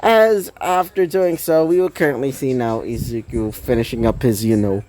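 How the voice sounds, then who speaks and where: A man's voice: medium pitch, moderate pace, darkish tone. A man narrating a fan-fiction story in a rambling way, full of fillers and self-corrections.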